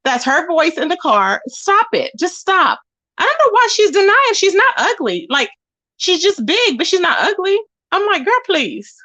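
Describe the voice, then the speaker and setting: Young woman livestreaming off her phone, high voice, dry close sound, gossipy and chatty, aave. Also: very animated, moderate pace, pushed and bright, dry recording. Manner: chatty, greets viewers with pet names. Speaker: livestream host.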